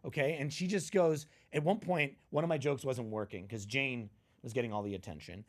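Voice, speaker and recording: A man tells comedy stories as a guest, in a voice of middling pitch. He is punchy and animated, and he acts out the people in his stories with big leaps in pitch. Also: fairly quick. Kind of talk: animated storytelling chat.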